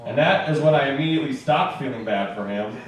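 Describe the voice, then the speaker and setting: A man's voice: mid-range voice, fast talker, soft background music. A man from Montana doing stand-up, telling loose stories with asides. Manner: loose, rambling storytelling with asides. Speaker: stand-up comedian. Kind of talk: stand-up set. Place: comedy club stage. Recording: echoey club taped from far off with faint hiss.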